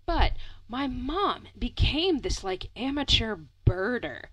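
Speaking at a slow pace in a fairly high voice, a young woman rambles through a story in casual conversation, full of "like," frequent laughter and the occasional swear word. She sounds animated; the low-quality recording has no room sound.

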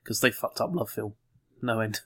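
A man's voice: fairly low pitch, pushed and bright, slightly rough. A man in casual chat, eagerly arguing points and adding details about TV shows. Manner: chatty, quick to argue and add details.

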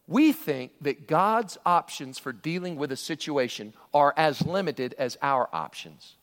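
A man's voice: high voice, a bit bright. A man preaching a sermon, earnest and emphatic, often restarting his sentences as he presses a point. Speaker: pastor. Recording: reverberant hall recording.

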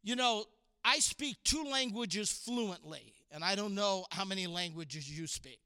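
A man giving a sermon to young people, playful and sarcastic, acting out quotes with animated voices. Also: high voice, dry recording, studio quality. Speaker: youth pastor. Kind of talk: sermon to a youth audience.

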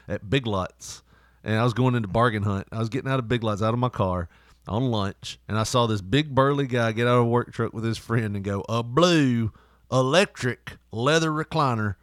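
A man telling stories in casual chat, animated and laughing often. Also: on the low side, a little fast, dry recording, studio quality.

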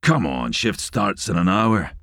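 A man voicing a burly young male Glaswegian police officer with a rasping voice, teasing and dry. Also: on the low side, big pitch swings, measured pace, fairly bright tone, no echo, pitched above the performer's own voice, exaggerated voice. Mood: gruff. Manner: taunting, dry.

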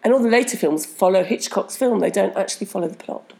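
Woman co-host; quick, fry-edged, enthusiastic delivery. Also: mid-range voice, a little mellow. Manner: enthusiastic, gushing about old films. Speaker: podcast co-host. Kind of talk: casual chat.

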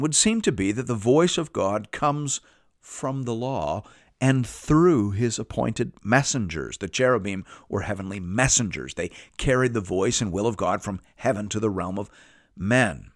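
Animated man teaching scripture. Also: lowish voice, no room sound, studio quality. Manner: measured reading with lively emphasis. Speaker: Bible teacher. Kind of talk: scripted Bible study podcast teaching.

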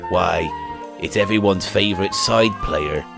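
A man's voice: low-pitched, measured pace, creaky, music in the background. A man playing a pompous talk show host interviewing an actor in a comedy sketch.

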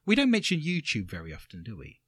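A man with an English accent hosting a comedic radio show, telling stories with sarcastic, animated delivery. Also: on the low side, fast, husky, no room sound, clean studio sound. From England. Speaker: radio host.

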